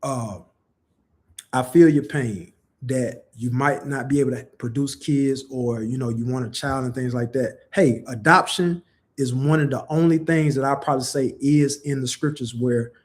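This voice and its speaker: A man's voice: medium pitch, moderate pace. A young man giving a casual religious commentary, talking conversationally with many rhetorical questions and "you know" fillers. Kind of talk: casual preaching monologue.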